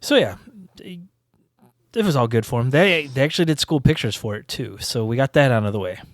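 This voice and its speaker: A man's voice: mid-range voice, lively intonation, brisk, dry recording. Easygoing middle-aged man, dry sound. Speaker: podcast co-host. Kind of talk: casual chat.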